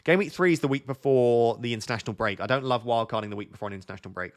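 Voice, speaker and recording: On a live stream from his home setup, a man of ordinary pitch answers viewer questions at length, relaxed and joking. He waffles cheerfully from one answer to the next and is quick to tease in this casual chat.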